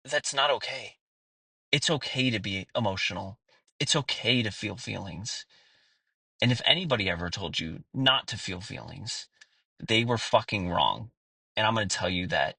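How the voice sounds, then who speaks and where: A man in his thirties talks straight into the mic in a frank, swearing-heavy monologue, sincere and direct. His voice is bright and forward, and the recording is dry and close, with no room sound. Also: on the low side, lively intonation, normal speed, creaky, slightly rough, no room sound, poor audio. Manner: blunt, profane and earnest, with frequent fillers. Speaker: podcast host. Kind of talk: candid personal monologue.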